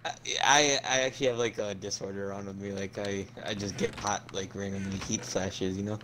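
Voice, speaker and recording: A man's voice: fairly low pitch, fairly even intonation, brisk, a bit bright, slight background noise. A young man playing in a role-play game, talking in a hesitant, stammering way. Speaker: player. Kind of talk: casual role-play banter.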